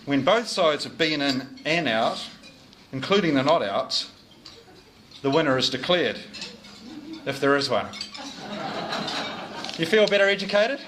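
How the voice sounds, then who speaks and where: A middle-aged New Zealander, acting as club sergeant, collects fines in the dining room at a club lunch, joking and teasing in an after-dinner speech. He sounds animated and fairly bright in a voice on the high side, speaking at a measured pace with long pauses, and there's slight background noise.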